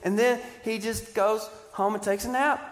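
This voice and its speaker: A man preaching a sermon, animated and joking, asking the crowd questions. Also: high-pitched, moderate pace. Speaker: pastor. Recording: live church sermon with hall reverb.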